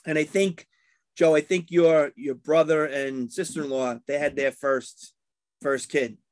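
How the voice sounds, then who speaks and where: A man with a fairly high voice rambles through an old story, slipping into quoted lines along the way. The sound is dry and close. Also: steady tone, measured pace, darkish tone, dry recording. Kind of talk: casual reminiscing chat.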